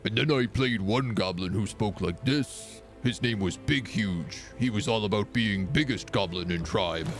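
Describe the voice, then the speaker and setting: A boastful goblin, put on by a man who talks slowly in broken, simple phrases. The voice sits low, with faint music in the background. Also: lightly acted. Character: boastful male goblin obsessed with being biggest.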